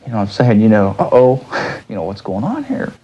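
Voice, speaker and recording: Man, low-ish voice, dark tone, rambling interview recollection, lots of you know. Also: huge pitch swings, moderate pace, husky, muffled recording. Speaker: interviewee recounting a dream.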